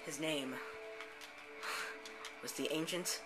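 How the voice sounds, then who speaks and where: A man's voice: a little high, takes it slowly, rough recording. A man, the host of a gameplay channel, improvising a rambling story full of "and then, like" restarts. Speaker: let's play host. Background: background music.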